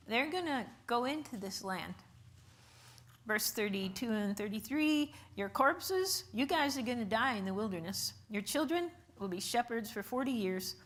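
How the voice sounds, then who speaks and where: A woman's voice: a little high, fairly bright tone. A woman teaching an informal Bible class, chatty with many fillers and rhetorical questions. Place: church classroom.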